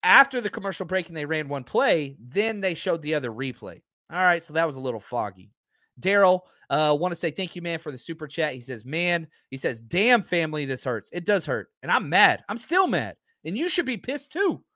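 Male livestream host, heated sports rant, high lively voice, dry mic. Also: brisk, no echo. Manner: fired-up, ranting, reads viewer comments.

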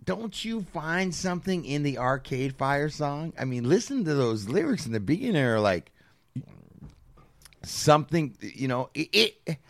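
A man's voice: on the high side, big pitch swings, unhurried. A man co-hosting a podcast who talks candidly, swears freely and restarts his sentences. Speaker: podcast co-host. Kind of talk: candid conversational talk.

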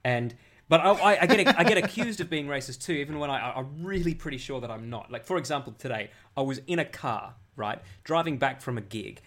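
A man's voice: medium pitch, animated, a little fast, hardly any pauses, fairly bright tone. A man co-hosting a comedy podcast, telling a long anecdote. His talk is loose and chatty, with many false starts and repeated words. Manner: rambling storyteller with many restarts. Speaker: podcast co-host. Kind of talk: casual comedic chat. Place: abroad, living in Asia.

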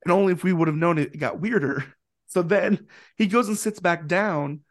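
A man telling a long story in a casual, animated way, with plenty of fillers and acted-out quotes. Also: sits high, normal speed. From Indianapolis area, USA. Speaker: guest musician.

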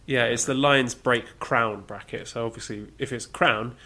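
A man co-hosting a podcast in relaxed conversation. His voice is bright and clear at a middle pitch. He talks in measured stretches and slips in dry jokes. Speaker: podcast co-host. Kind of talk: casual chat.

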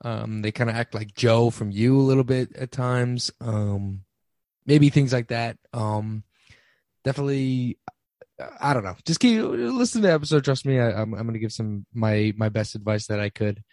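A man's voice: on the low side, fairly even intonation, moderate pace, darkish tone, no echo. A young man in his twenties hosting a casual solo podcast, talking with many ums and restarts. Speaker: podcast host.

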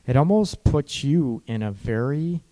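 A man hosting an advice show, talking casually about calming arguments between partners and tagging his sentences with "right?". He sometimes voices what a partner might say. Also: mid-range voice, a little slow. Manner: conversational, frequent "right?" tag questions; acts out partner's lines in quoted dialogue. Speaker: relationship advice host.

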